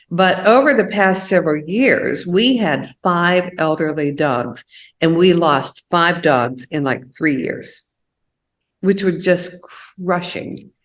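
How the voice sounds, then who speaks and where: A woman chats on a talk show. She tells her stories with lots of animation and acts out the people she quotes. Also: on the low side. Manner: animated storyteller, acting out quoted voices. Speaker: co-host. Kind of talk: casual chat.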